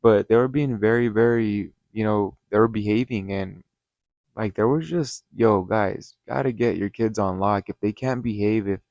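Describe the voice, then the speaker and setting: A man with a low-pitched voice gives a casual story-time review as the host of his channel. He rambles and gets heated, swearing often and filling gaps with "you know". The sound is dry and close, with no room echo. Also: moderate pace, darkish tone, muffled recording.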